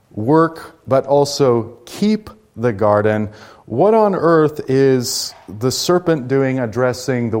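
A man's voice: medium pitch, darkish tone. A man leading a Bible study class, explaining scripture conversationally and asking rhetorical questions.

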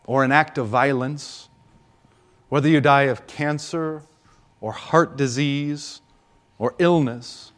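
A man delivering a solemn homily, his voice sitting slightly high. He speaks slowly and deliberately, leaving dramatic pauses between short phrases. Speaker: preacher. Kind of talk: Good Friday homily.

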